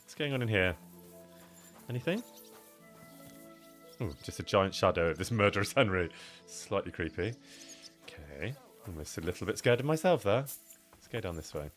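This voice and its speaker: A man's voice: sits low, lively intonation, normal speed, pauses often, faint music behind. A man chatting casually and rambling through asides as he streams a video game, laughing easily. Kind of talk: casual live-stream chat.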